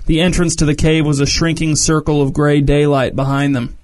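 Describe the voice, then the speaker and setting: A man reading a story aloud as narrator, measured and descriptive. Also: on the high side, level tone, darkish tone.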